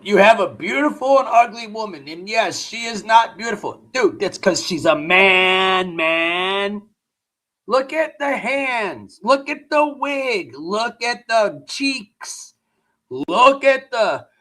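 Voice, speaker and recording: A man hosting a live-stream reaction, mocking what he watches with loud outbursts and laughs. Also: very high-pitched.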